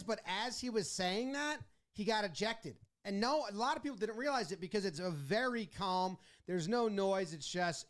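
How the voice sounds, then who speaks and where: A man with a high voice narrates a baseball highlight breakdown. He talks in an animated, casual way and slips into quick voices for the players and umpires he quotes. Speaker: sports video commentator.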